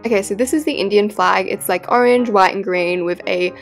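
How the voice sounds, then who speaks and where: A woman's voice: medium pitch, a little fast, soft background music. Chatty young Australian woman gaming vlogger. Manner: chatty and excitable, with gasps. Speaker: gaming YouTuber. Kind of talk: casual commentary while building in a game.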